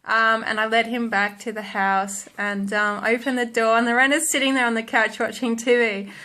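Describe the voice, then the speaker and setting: A woman's voice: a little high, level tone, moderate pace, pushed and bright. A young woman telling stories in a casual vlog, rambling with lots of ums and likes and laughing at herself. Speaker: vlogger.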